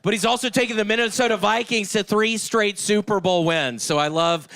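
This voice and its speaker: Shrill, shouting stand-up comedian man. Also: brisk. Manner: shouted, erratic punchline delivery with giggles. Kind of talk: one-minute stand-up set. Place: comedy club stage.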